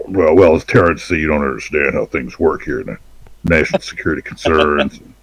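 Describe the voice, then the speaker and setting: A man's voice: very deep voice, moderate pace, no room sound. A man co-hosting a casual satirical chat, speaking in a sarcastic, mocking way and chuckling often.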